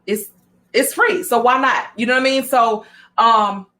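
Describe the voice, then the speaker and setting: A woman with a Southern drawl hosting a broadcast, talking in an animated, repetitive and emphatic way with many fillers. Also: on the high side, moderate pace. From American South. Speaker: host. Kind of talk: motivational broadcast talk.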